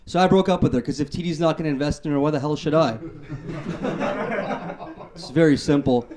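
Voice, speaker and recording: A young man from Canada works through a stand-up set, his voice sitting a little high. He snaps out one-liners with confident timing. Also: a little fast, a little mellow. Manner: punchy one-liner delivery. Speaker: stand-up comedian.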